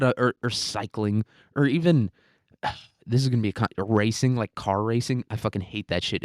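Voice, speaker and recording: Profane, rambling young man, low voice. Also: no echo, studio quality. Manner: profane, opinionated, rambling with restarts. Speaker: podcast host. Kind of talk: casual rambling monologue.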